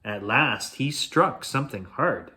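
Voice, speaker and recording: A man reads a children's bedtime story aloud as the show's host, with a playful, expressive delivery. His mid-range voice rises and falls in lively, animated swings. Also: mid-range voice, measured pace.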